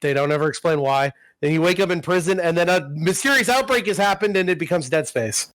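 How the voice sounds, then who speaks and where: A man's voice: a little high, lively intonation, fast, a bit bright, dry recording. A man co-hosting a podcast, recapping a game plot in a rambling, profane casual chat. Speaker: podcast co-host.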